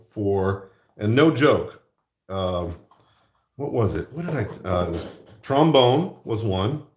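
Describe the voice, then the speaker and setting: A man's voice: lowish voice, roomy sound. A middle-aged man chatting casually while he works on a craft project, rambling and joking at his own expense. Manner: rambling, self-mocking, jokey. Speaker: art channel host.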